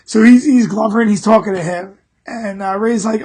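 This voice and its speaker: Casting: middle-aged man, husky voice, animated storyteller who swears a lot. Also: high-pitched, brisk. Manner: animated, profane, laughing through story. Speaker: podcast host. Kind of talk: casual storytelling.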